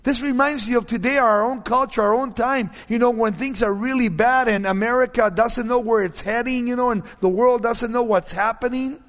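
A male pastor preaches a sermon with lively storytelling, often sinking to hushed, quiet tones. His voice sits fairly high and rings with a long hall reverb. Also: moderate pace, few pauses.

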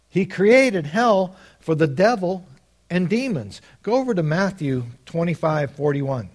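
A man preaching a sermon, arguing step by step and quoting scripture, swinging between quiet asides and loud emphatic points. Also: high-pitched, animated, a little slow. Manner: argues step by step, quotes scripture.

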